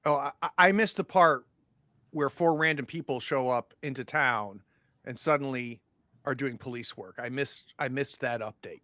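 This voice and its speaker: A man voicing a gruff, protective older father who used to be a police officer, stern and sarcastic. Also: fairly low pitch, normal speed, bright, forceful tone, no echo.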